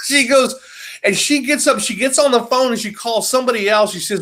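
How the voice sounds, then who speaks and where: A man in a casual podcast chat, telling an animated story, swearing freely and acting out what people said. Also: extremely high pitch, moderate pace. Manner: animated storyteller who swears and acts out quotes.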